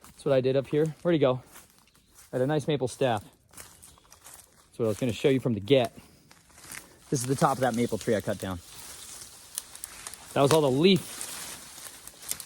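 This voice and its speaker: Brief: homesteader vlogger, a man, outdoors in the woods, folksy and excitable, addresses viewers directly. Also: medium pitch, moderate pace, pauses often, a little hiss or hum. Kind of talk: walk-and-talk forest vlog. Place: outdoors in a forest.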